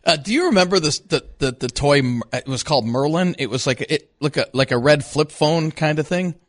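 A man's voice: fairly high pitch, lively intonation, brisk, no echo, studio quality. Easygoing man explaining weather on radio. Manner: easygoing, filler-heavy, agreeable. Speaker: radio co-host giving weather. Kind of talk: casual on-air chat.

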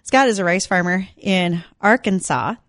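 A woman's voice: lowish voice, normal speed, a bit bright, no room sound, studio quality. A woman co-hosting an agriculture and weather radio show, chatting in a friendly, conversational way. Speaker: radio farm show co-host. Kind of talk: radio talk show chat.

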